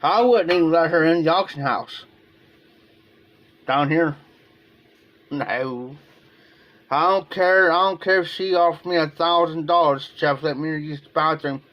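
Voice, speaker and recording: A man's voice: a little high, a little slow, pauses often, muffled recording. A man from Ohio talking casually on a livestream in a rambling, emotional way, often repeating himself. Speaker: live streamer.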